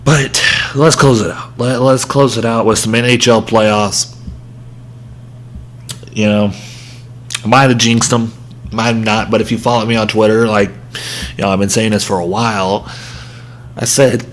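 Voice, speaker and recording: A man delivering a heated sports rant as a show host. He talks slowly and drawls his words, and he pokes fun at his own anger. A faint hum runs under the recording. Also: fairly low pitch, flat delivery. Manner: heated ranting with self-aware humor. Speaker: podcast host.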